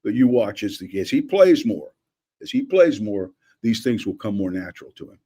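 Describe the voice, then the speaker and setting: An older man, a former football coach, breaking down game film in a lively, rambling way, acting out old conversations. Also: on the low side, moderate pace, slightly rough. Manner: animated, acts out quotes, many restarts. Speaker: former offensive coordinator, analyst.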